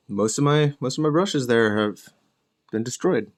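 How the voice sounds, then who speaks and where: Expressive and unhurried, this young man's mid-range voice carries his miniature painting show. He talks loosely while painting, wandering off topic, fixing his own words and cracking jokes with an occasional swear.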